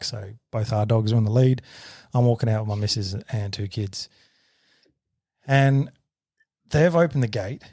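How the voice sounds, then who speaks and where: Australian male podcaster, 30s, animated sweary storyteller, dry mic. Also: medium pitch, dry recording. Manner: sweary, animated retelling with shouted quotes. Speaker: podcast co-host. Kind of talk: casual storytelling.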